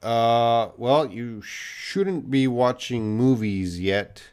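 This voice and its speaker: A man from Canada with a Canadian accent, a patient English teacher answering viewers' questions on a live stream, explaining slowly with fillers and examples. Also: medium pitch, animated, darkish tone, smooth.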